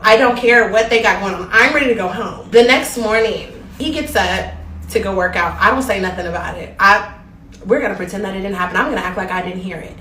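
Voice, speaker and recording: A woman's voice: mid-range voice, a little hiss or hum. A young woman telling a travel story in a casual, gossipy way, talking straight to her viewers. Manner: animated, gossipy, addresses viewers directly. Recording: roomy, distant from the mic.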